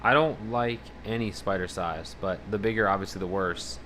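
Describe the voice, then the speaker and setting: A man's voice: on the low side, moderate pace, a little hiss or hum. A man livestreaming casually, rambling and swearing as he reads out viewer messages. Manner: rambling, profane, animated about fears. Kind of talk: casual live-stream chat, reading out viewer messages.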